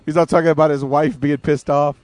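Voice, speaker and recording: A man's voice: fairly high pitch, little pitch movement, fairly quick, darkish tone, no echo. A man co-hosting a radio show about wrestling, joking loosely and swearing often. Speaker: wrestling podcast co-host. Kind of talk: casual profane commentary.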